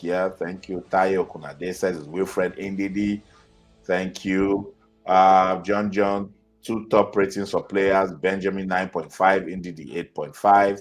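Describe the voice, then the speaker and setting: Hosting a football channel, a man with a Nigerian accent reads viewers' comments aloud during live-stream commentary and reacts in a chatty way. His voice is fairly low and husky.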